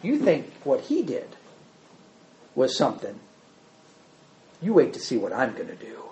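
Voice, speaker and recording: A preacher putting on a scornful, hushed young king. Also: medium pitch, wildly swooping pitch, unhurried, voice pushed down. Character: arrogant young male king, boastful and dismissive. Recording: echoey room, slightly dull sound.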